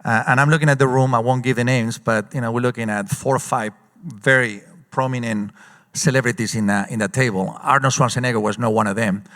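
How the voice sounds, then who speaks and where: A man speaks as an executive guest on a conference stage. He tells stories in lively, quick bursts full of "uh" fillers, at an everyday middle pitch. His voice rings with the long reverb of a big hall. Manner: animated storyteller, quick bursts with frequent uh fillers. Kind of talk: live on-stage conference interview.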